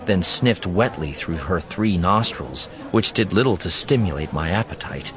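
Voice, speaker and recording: A man's voice: sits low, animated, normal speed, a crowd in the background. A man narrating a first-person story in a dry, wry manner.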